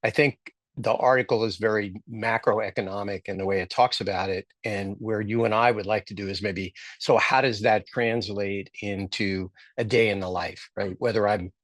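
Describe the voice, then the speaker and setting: A man's voice: lowish voice, steady tone, moderate pace, a bit bright, no echo. A man co-hosting a business podcast, chatting casually and joking, thinking aloud with restarts. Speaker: podcast co-host.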